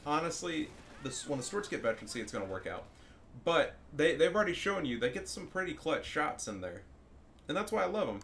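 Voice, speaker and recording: Bright-voiced, excitable male game commentator. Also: on the high side, brisk, gravelly, slight background noise. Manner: excitable, profane, gets loud at big moments. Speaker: gaming commentator. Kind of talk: casual gameplay commentary.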